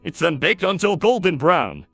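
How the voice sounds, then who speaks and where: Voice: medium pitch, very animated, moderate pace, gravelly, fairly bright tone, soft background music, heavily acted. A synthetic male voice imitating a know-it-all cartoon character who explains things. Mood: lecturing. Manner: explanatory, lecturing.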